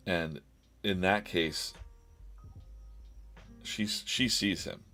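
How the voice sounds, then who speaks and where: A man's voice: deep voice, drawn-out words, pushed and bright, soft background music. A man streaming live while drawing comics, chatting casually and rambling, with lots of laughs and silly quoted voices.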